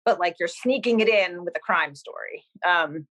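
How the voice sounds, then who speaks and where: A woman's voice: on the low side, moderate pace, a bit bright, rough recording. A woman from Massachusetts, a TV series creator, talking loosely in an interview with lots of "like" and "um". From Cambridge, Massachusetts. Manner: rambling, many "like" and "um" fillers. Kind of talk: casual interview chat.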